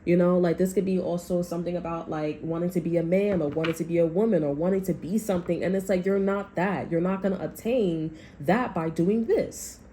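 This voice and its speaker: Woman tarot reader, casual monologue, foul-mouthed and rambling, mellow tone, faint hiss behind. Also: fairly low pitch, a little fast, hardly any pauses. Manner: blunt, profane, rambling.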